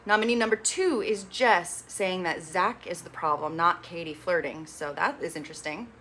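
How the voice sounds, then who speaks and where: A woman chatting casually through a reality TV recap, retelling the drama and quoting the cast in quick asides. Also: fairly low pitch, sharp tone, a little hiss or hum.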